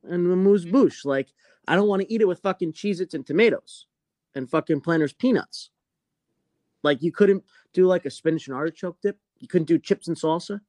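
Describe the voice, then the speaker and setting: Foul-mouthed animated male storyteller. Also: fairly high pitch, brisk, dry recording. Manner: animated, swears constantly, acts out quoted people. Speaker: podcast co-host telling a story. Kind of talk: casual profane storytelling.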